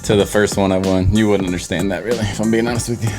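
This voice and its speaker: A man's voice: on the low side, steady tone, fast, music in the background. A young man hosting a casual sports podcast, teasing and dry in his banter. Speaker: podcast host.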